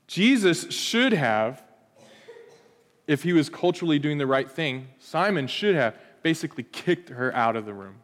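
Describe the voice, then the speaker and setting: A male pastor in his thirties delivers a sermon in a lively storytelling manner with playful asides. His voice sits a little high for a man. The sound carries a long reverb from a church hall. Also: moderate pace.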